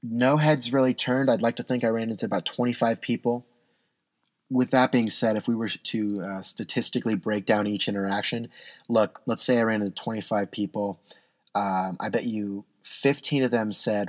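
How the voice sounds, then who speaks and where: A man's voice: on the low side, moderate pace, dry recording. A young man talking in a rambling, self-deprecating casual monologue, often restarting his sentences.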